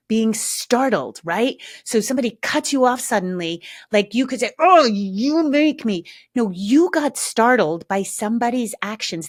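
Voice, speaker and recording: A middle-aged woman hosting her own podcast, talking frankly and casually, with lots of asides and slow, emphatic stretches. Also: medium pitch, no echo, studio quality. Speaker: podcast host. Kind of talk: casual solo podcast talk.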